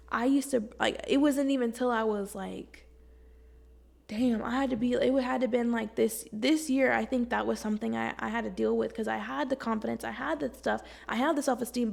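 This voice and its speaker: A young woman vlogging from home, giving casual self-help talk to camera in a blunt, slangy, profane and animated way. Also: a little high, vocal fry.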